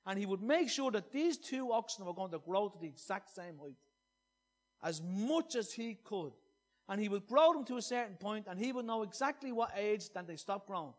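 Male preacher, high voice, earnest, loud emphatic bursts, hushed soft readings. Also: lively intonation, normal speed. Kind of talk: sermon.

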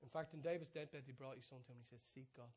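A man preaching a sermon, telling stories with many restarts, dropping to hushed asides and rising to excited peaks. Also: mid-range voice, fast. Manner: storytelling, swings from soft hushed asides to loud excited peaks.

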